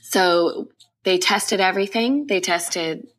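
A young woman guest on a podcast, telling her personal testimony in an emotional, quick retelling full of repeated phrases. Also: medium pitch, fairly bright tone.

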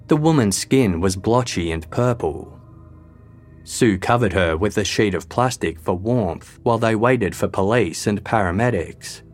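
A man giving a scripted true-crime narration in a measured, even storytelling delivery. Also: deep voice.

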